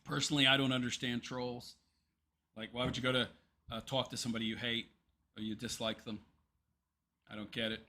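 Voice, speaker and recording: A man's voice: mid-range voice, level tone, a little fast, pauses often, bright, forceful tone. A man hosting a casual livestream, rambling and hesitant, with many ums and restarts as he reads chat and picks topics. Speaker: livestream commentary host.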